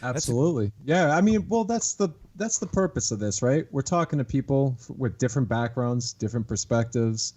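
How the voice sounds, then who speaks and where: Mellow-voiced enthusiastic podcast host man. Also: mid-range voice, animated, fairly quick, hardly any pauses. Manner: warm-hearted, enthusiastic, laughs often. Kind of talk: casual podcast chat.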